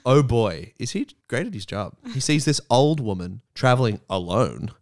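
A man's voice: medium pitch, big pitch swings, moderate pace, no echo, studio quality. A man co-hosting a podcast in casual chat, joking and sarcastic. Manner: sarcastic, jokey. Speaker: podcast co-host.

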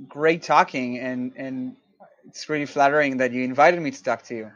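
A man's voice: mid-range voice, fairly even intonation, moderate pace, fairly bright tone, dry recording, lo-fi sound. A man from Israel, a composer guest in a casual interview, explaining his work thoughtfully with many fillers and restarts.

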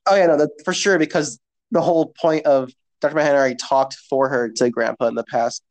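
A man's voice: medium pitch, steady tone, quick pace. A man talks loosely in a casual chat, his voice sitting in an ordinary middle register. He rambles, swears freely and leans on fillers as he works through his ideas.

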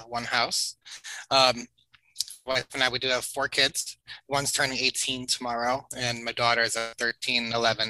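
A man's voice: medium pitch, pushed and bright, dry recording, low-quality recording. A man in his forties, a podcast guest telling long stories in a rambling, chatty way, full of fillers and little laughs. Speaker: podcast guest, family video creator. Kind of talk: casual storytelling interview.

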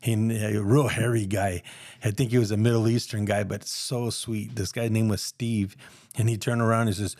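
A man's voice: on the low side, flat delivery, moderate pace, darkish tone, no echo, studio quality. Earnest man telling his faith story. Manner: earnest, rambling, acts out quoted voices. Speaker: guest sharing his testimony. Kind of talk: casual personal storytelling.

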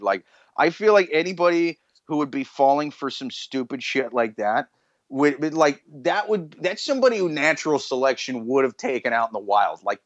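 A man's voice: mid-range voice, no room sound. A man co-hosting a comedy podcast in casual chat, rambling and ranting with plenty of swearing. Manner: rambling, profane, animated ranting. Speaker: podcast co-host. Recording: dull, muffled audio.

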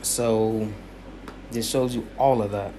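A man's voice: lowish voice, steady tone, slow, dark tone, a little hiss or hum. A man giving impassioned spoken commentary, repeating his points in a preacher-like cadence. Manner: repetitive, emphatic, preacher-like cadence.

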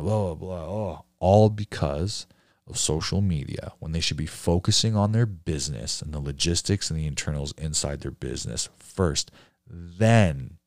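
A man's voice: sits low, no room sound, studio quality. A man coaching painting contractors in a blunt, profane rant full of rhetorical questions. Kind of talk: casual rant to a class.

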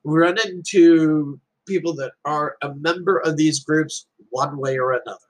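Husky man telling a parable. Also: fairly high pitch, steady tone, moderate pace, poor audio. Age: adult with children. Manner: storytelling, earnest, uses parables. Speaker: speaker giving life advice. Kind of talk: reflective motivational talk.

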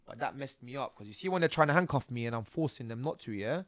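A young man, telling his own stories as a podcast guest in a lively, slang-filled way and acting out scenes as he goes. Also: medium pitch, fast, no echo. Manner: animated, slang-heavy, acts out scenes. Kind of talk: casual storytelling interview.

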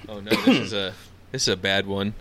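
A man's voice: on the low side, sing-song, brisk, a bit bright. A man in casual comedic chat, reading items and reacting with exaggerated disbelief.

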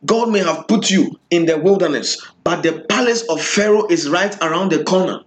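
High-voiced male preacher. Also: normal speed. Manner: rhythmic preaching with repeated refrains. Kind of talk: sermon.

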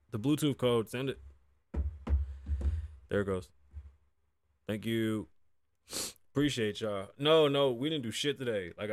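A man's voice: mid-range voice, a little hiss or hum. A man in his thirties, raised Puerto Rican, hosting a casual podcast in a loose, profane, chatty way with Spanish asides. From Puerto Rico. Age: 30s. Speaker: podcast host. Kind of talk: casual chat.

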